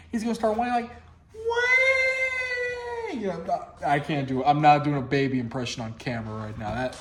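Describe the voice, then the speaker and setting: A man's voice: on the high side, a little mellow, echoey room, slight background noise. A man hosting his own video show, riffing and joking directly to his viewers in casual comedic commentary. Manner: jokey, riffing, talks straight to viewers.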